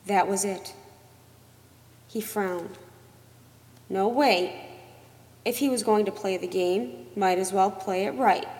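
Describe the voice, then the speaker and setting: A woman reading a novel aloud as narrator, in a measured, expressive storytelling manner. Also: mid-range voice. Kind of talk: audiobook narration. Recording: long reverb.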